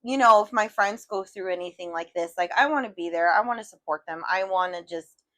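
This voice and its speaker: A woman's voice: mid-range voice, a little fast, pushed and bright. A woman co-hosting a podcast, talking bluntly and swearing freely in casual chat. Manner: blunt, profane, outspoken. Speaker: podcast co-host.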